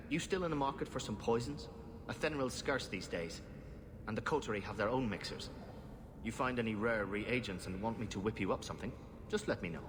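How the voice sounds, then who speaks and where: An actor playing a sly male poison-maker in a game, talking offhand to an old friend. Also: on the low side. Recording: game audio with background noise.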